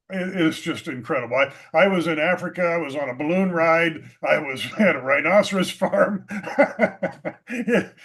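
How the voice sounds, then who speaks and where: An animated male real estate agent talking as a guest in a casual chat. His voice sits a bit higher than most men's, and he comes across self-assured and quick to laugh.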